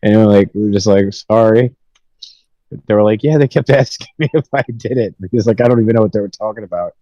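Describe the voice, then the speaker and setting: A man's voice: on the low side, fast talker, warm tone, no echo, lo-fi sound. A young man telling rambling, profanity-filled stories with laughs in a casual podcast chat. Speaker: podcast host.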